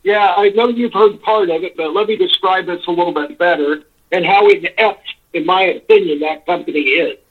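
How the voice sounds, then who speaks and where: A man's voice: high-pitched, moderate pace. A man calling in by phone, telling a long, rambling complaint story, exasperated and swearing freely. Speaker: caller. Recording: tinny phone line.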